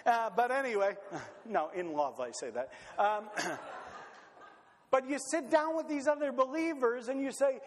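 A man's voice: high-pitched, lively intonation, moderate pace. A man preaching a conversational sermon with joking asides, in a church hall. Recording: long hall reverb.

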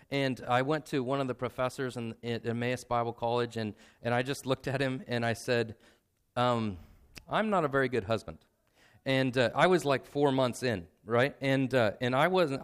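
A pastor, maybe in his thirties, preaches a sermon in a medium-pitched, clean-toned voice. He's earnest and emotional, at times close to tears, and speaks conversationally with frequent "right?" asides and repetition.

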